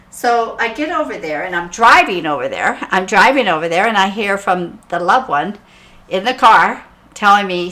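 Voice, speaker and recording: A woman's voice: mid-range voice, pushed and bright. A woman psychic medium telling a personal story in a chatty, casual way, repeating phrases and laughing as she talks.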